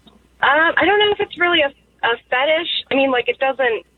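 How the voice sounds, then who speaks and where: A woman's voice: high voice, expressive, normal speed, slight background noise. A woman calling in to a radio show, hesitant and full of fillers, over a phone line. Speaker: caller. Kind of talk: phone-in call.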